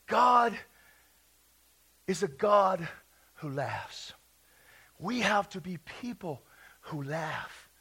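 A male pastor preaching a charismatic sermon, exuberant, breaking into long bursts of laughter and shouts, then dropping to a soft confiding tone. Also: high-pitched. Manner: drops to soft confiding tone between outbursts.

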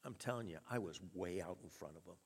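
A man preaching a sermon, telling a story with chuckles and an animated delivery. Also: low-pitched, quick pace, slightly rough. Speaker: pastor. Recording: reverberant hall.

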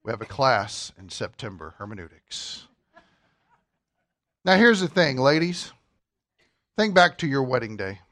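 A man preaching a sermon, putting questions to the congregation, with wide emphatic swings between loud and soft. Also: mid-range voice, big pitch swings, measured pace, long pauses. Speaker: pastor.

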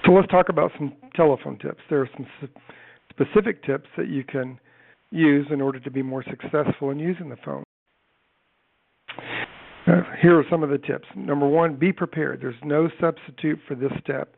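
A man giving a brisk, emphatic sales training talk, working through tips one by one. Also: fairly high pitch, creaky. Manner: brisk, emphatic list-driven coaching. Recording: tinny phone-like band.

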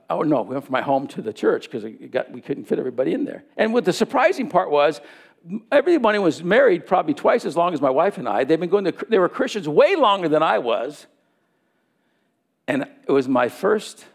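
A man's voice: fairly high pitch, very animated, fairly quick, gravelly. A man preaching a sermon, telling a personal story and acting out the dialogue in it.

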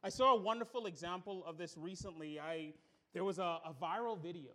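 A male pastor preaching in a church with a strikingly high voice. He is emphatic and builds momentum through repeated phrases, sometimes dropping quiet and slow for weight. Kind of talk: sermon. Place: church room with congregation.

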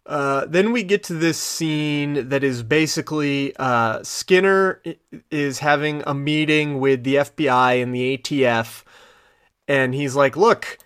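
A man's voice: fairly high pitch, a little slow, fairly bright tone, clear, resonant tone, no echo, clean studio sound. A man co-hosting a podcast, recapping an episode in loose, rambling casual chat full of fillers and restarts. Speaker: podcast co-host.

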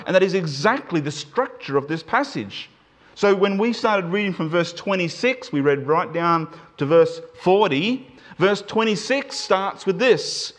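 Preaching to a congregation, a man speaks emphatically and with lots of animation. He varies pitch and pace, dragging some phrases out and rushing others to stress what matters.

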